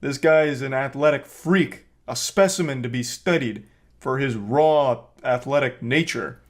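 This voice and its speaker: A man giving casual comedic commentary, joking in a deadpan, mock-serious way. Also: medium pitch, measured pace. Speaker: online commentator.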